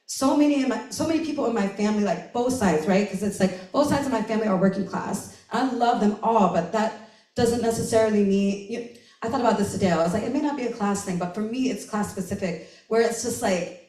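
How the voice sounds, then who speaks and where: A woman from the United States telling a personal story at a live event, chatty and animated, full of "like" and "right?", laughing often. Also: mid-range voice, brisk. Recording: roomy live recording from a distance.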